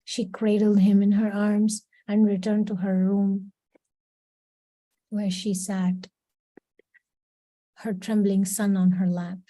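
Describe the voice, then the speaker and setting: Woman storyteller for a class reading; dark, warm tone, dry close sound. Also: medium pitch, level tone, slow pace, long pauses, no room sound, poor audio. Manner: reads steadily, slips into brief quoted voices. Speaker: class reader. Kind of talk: storybook read-aloud with character voices.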